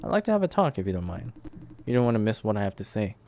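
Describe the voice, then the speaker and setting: A man's voice: on the low side, sing-song, fast talker, darkish tone, slight background noise. A man doing a slick, persuasive stranger. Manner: smooth and persuasive. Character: smooth, confident young man, persuasive stranger.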